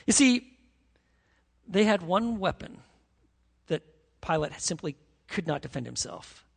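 A man preaching a sermon as pastor, emphatic and animated, reading scripture dramatically. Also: high-pitched, unhurried, creaky, breathy edge, in a large hall.

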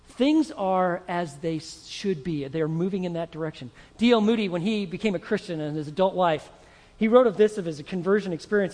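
A pastor preaching a sermon to his church, telling stories with animated delivery and acting out voices. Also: high-pitched, long reverb tail.

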